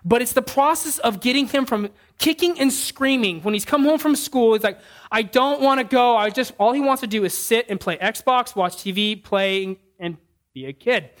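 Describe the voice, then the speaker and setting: A man preaching a sermon, telling stories in an animated way and often restarting his sentences. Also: extremely high pitch, moderate pace. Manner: animated storytelling with frequent restarts. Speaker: pastor.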